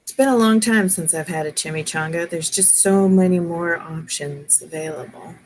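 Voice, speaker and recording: A woman with a slightly raspy voice chatting casually with friends, laughing often and speaking in a sing-song way. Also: fairly low pitch, normal speed, a little mellow, slight background noise. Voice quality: slightly raspy, coughs easily. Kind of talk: casual chat.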